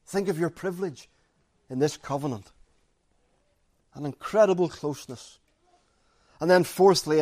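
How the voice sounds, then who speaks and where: A man preaching a sermon, repeating key phrases for emphasis and moving from loud stresses to quiet, intimate asides. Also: fairly high pitch, expressive, unhurried, pauses often.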